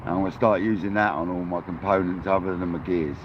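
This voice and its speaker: English male host, lowish voice, casual and chatty with viewers, calls everyone mate, dull lo-fi outdoor stream audio. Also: steady tone, quick pace, background noise. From England. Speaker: fishing livestream host. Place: outdoors on a kayak at the coast.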